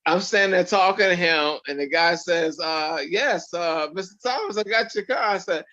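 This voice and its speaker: A man tells stories as an interview guest, acting out every line of dialogue he quotes. His voice sits fairly high and sounds forceful and bright. The recording is dull and lo-fi. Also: moderate pace. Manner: animated storyteller who acts out quoted dialogue. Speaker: actor guest. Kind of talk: storytelling in an interview.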